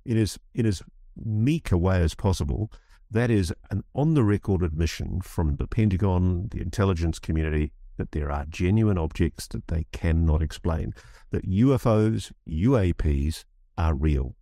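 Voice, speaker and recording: A man with a deep, gravelly voice argues his case in an interview, his pitch leaping up as he presses each point and restarts phrases. His tone is dark and mellow, and the recording is close and dry. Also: lively intonation, moderate pace, no room sound. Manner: impassioned, restarts phrases, rising emphasis. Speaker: guest commentator. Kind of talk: animated interview talk.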